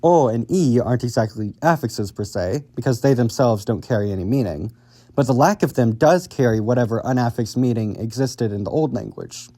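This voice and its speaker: Man, educational video host, scripted narration, casual and upbeat, warm mellow tone. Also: medium pitch, fairly quick. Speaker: video host explaining linguistics.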